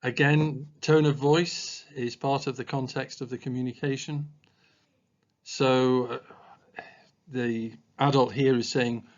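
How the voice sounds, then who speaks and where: A man talks through a training presentation in a measured, thoughtful way, often filling pauses with ums and uhs. His voice sits at an ordinary middle pitch, and the recording sounds a little dull and lo-fi. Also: steady tone. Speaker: special school staff trainer. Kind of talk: explanatory training talk.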